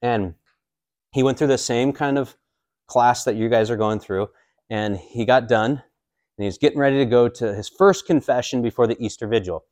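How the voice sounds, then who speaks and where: A man's voice: mid-range voice, normal speed, darkish tone, no echo, studio quality. A man in his forties, a priest, teaching a catechism class in a casual, joking way with many fillers. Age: 40s.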